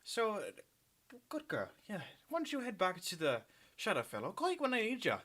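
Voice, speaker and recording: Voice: wildly swooping pitch, brisk, a bit bright. Terror, a chirpy Irish-lilted tiefling. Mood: fond. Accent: put-on Irish. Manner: bouncy, chummy, very high. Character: cheerful male tiefling nightblade with a leprechaun-like lilt.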